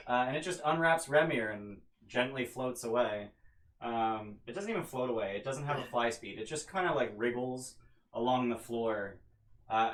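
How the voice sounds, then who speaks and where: A man narrates a tabletop game as game master in a relaxed, loose way, pausing on fillers between descriptions. His voice sits mid-range and carries the echo of a roomy space. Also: medium pitch.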